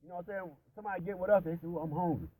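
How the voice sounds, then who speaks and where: A man's voice: sits high, racing, mellow, slight background noise, rough recording. A man telling stories and preaching in casual, profanity-heavy chat, rambling with many restarts. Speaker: religious discussion participant.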